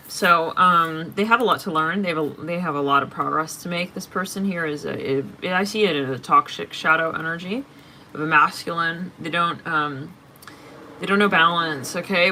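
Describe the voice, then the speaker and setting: A woman reading tarot cards for her audience in a loose, chatty way. Her voice is bright and forceful, and she is blunt and openly exasperated, with plenty of swearing thrown in. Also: fairly low pitch, normal speed, a little hiss or hum. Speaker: tarot reader. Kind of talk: casual tarot reading to camera.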